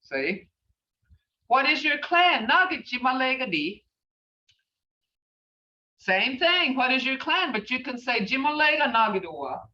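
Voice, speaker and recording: A woman's voice: high-pitched, big pitch swings, unhurried, pauses often, pushed and bright, distant mic. A woman teaching a language class, patiently repeating phrases as she explains them. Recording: muffled, roomy, from off mic.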